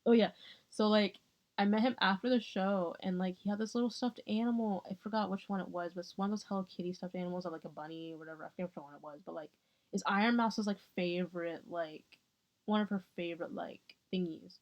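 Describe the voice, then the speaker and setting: A woman's voice: mid-range voice, fairly even intonation, quick pace. A young woman vlogging, telling a rambling story casually, often losing her thread. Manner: rambling, giggly, self-interrupting. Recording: dull lo-fi sound.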